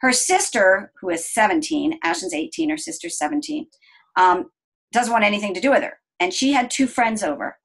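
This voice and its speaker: A middle-aged woman recounts a family story in an earnest, gentle voice of ordinary middle pitch. She slows down and softens as she describes the calm moments. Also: vocal fry, slightly rough, low-quality recording. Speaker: interview guest. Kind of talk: personal storytelling.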